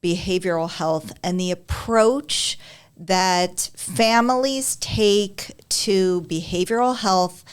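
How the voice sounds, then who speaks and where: A woman's voice: fairly low pitch, slow, smooth. A woman co-hosting a podcast in casual conversation, effusive and enthusiastic. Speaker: podcast co-host.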